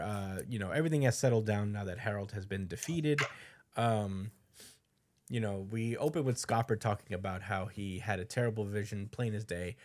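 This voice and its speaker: A man co-hosting a podcast, casually recapping a chapter with lots of fillers and quick put-on quotes. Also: on the low side. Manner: loose storytelling with fillers, voices quotes. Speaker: podcast co-host.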